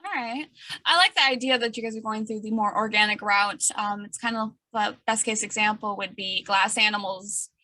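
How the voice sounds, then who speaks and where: Bright, upbeat woman interviewer. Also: mid-range voice, fairly even intonation, dry recording, rough recording. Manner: upbeat, quick to laugh. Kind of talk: casual interview chat.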